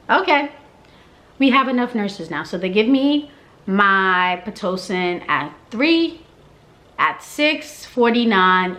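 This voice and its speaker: A woman's voice: medium pitch, pushed and bright. A young woman telling her birth story in casual vlog style, acting out the people she quotes.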